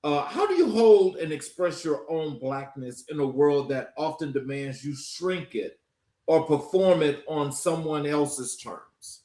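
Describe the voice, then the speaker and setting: A man with a fairly high voice hosts a podcast interview and asks carefully prepared, measured questions. His voice carries a noticeable roomy echo. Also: animated, mellow. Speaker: podcast host.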